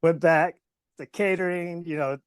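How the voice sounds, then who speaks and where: A man's voice: fairly high pitch, fairly even intonation, normal speed, clean tone, no echo. A man telling a rambling story in a casual interview, laughing often between lines. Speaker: interview guest, pro wrestler.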